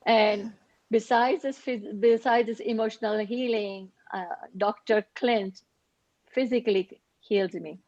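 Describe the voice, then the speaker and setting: A woman's voice: fairly high pitch, fairly even intonation, a little slow, a little mellow, no echo, dull audio. A woman sharing a grateful, emotional healing testimony on a video call. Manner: heartfelt, grateful, gets emotional. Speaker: participant sharing a healing story.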